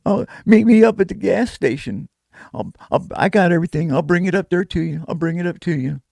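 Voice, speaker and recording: A man putting on the voice of a frightened adult woman who pleads in a stammering, breathless, high-pitched way. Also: fairly quick, gravelly, a little mellow, no echo, clean studio sound. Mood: panicked.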